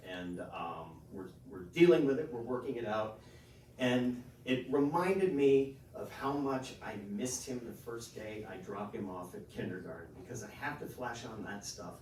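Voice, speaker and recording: A man performing a stand-up comedy set on a club stage, telling stories in an animated, jokey way. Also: medium pitch, normal speed, slight background noise. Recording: echoey room, distant mic.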